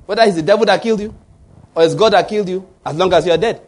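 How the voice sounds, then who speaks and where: A man's voice: high voice, racing. A man preaching a sermon, emphatic and often restarting his words while asking the congregation to fill in the answers. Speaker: pastor.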